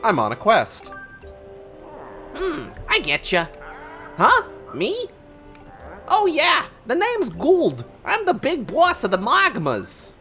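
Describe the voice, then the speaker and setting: A woman's voice: high-pitched, wildly swooping pitch, takes it slowly, pauses often, sharp tone, faint music behind, voice pushed up, heavily acted. A woman voicing a brash, scheming male cartoon cat, reading game dialogue in a nasal, brassy put-on voice.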